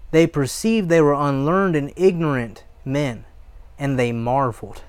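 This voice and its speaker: A man's voice: a little high, animated, unhurried, smooth, dry recording. A man preaching a sermon, reading scripture aloud, exhorting his listeners and breaking into short prayers.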